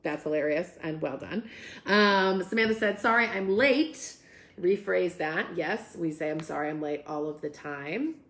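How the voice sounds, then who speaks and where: A woman's voice: low voice, normal speed, echoey room. A young woman hosting a casual live stream, reading viewer comments aloud and reacting with upbeat energy. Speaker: host.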